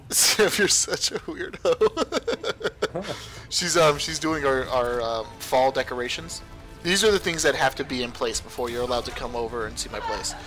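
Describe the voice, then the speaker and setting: A young man talks through a game on his stream in a relaxed, joking way. His voice sits a little high for a man. He laughs easily and swears freely. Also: unhurried, faint music behind. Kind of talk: casual gaming chat.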